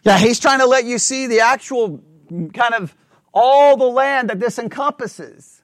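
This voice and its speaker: A man leading a Bible study class, reading scripture aloud slowly and checking in with the group with frequent questions. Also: very high voice, dry recording, studio quality.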